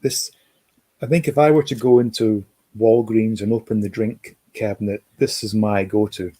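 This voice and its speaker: A man's voice: lowish voice, fairly even intonation, moderate pace, warm tone, dry recording. A man hosting a livestream, rambling casually, reading out chat comments and reminiscing. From Scotland. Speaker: livestream host. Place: home, lives in America.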